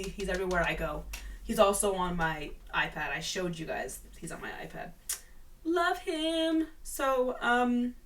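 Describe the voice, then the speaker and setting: Young woman, chatty vlogger, rambling and bubbly, mid-pitched, a bit distant from the mic. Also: fairly bright tone. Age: young adult. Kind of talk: casual chatty monologue.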